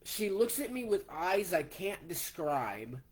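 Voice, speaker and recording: A man in his forties recounts a personal story at an unhurried pace. He talks plainly and takes events one step at a time. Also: high voice, big pitch swings. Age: 40s. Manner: slow, plainspoken, retelling step by step. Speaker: vlogger.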